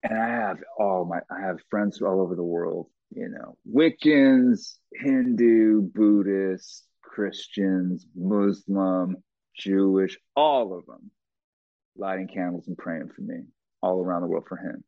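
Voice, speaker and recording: A middle-aged man being interviewed, telling a personal story bluntly and profanely, with halting restarts. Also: low-pitched, no room sound. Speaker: guest. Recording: tinny phone-like line, dry.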